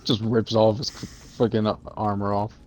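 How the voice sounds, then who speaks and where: A man co-hosting a game stream, dropping dry jokes and quick one-liners in casual chat. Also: fairly low pitch, level tone, darkish tone. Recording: faint game music behind.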